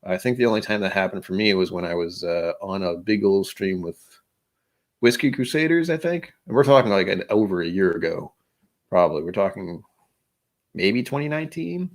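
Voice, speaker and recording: A man's voice: low voice, animated, moderate pace. A man hosting a casual livestream who rambles in a self-deprecating way and often restarts his sentences. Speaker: host of a whisky livestream.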